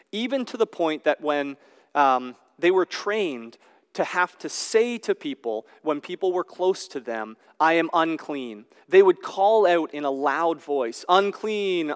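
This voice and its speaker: A man delivering an expository sermon, with casual asides between the passages he reads. His voice sits a little high for a man and comes across smooth and resonant. A long reverb hangs behind each phrase, as in a large hall. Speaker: pastor.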